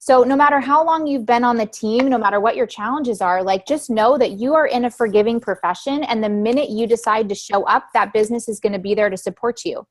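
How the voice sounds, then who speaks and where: A woman's voice: fairly high pitch, fairly quick, hardly any pauses. A woman in her thirties leading a motivational talk for her team on a group call, emphatic, repeating key phrases and asking her listeners questions. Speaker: team leader giving a training recap.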